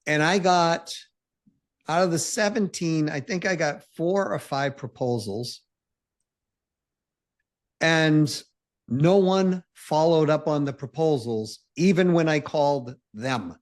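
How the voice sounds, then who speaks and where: A man guesting on a casual interview, his voice a touch high. He talks emphatically and leans on fillers. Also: slow pace. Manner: emphatic, full of "like" and "you know".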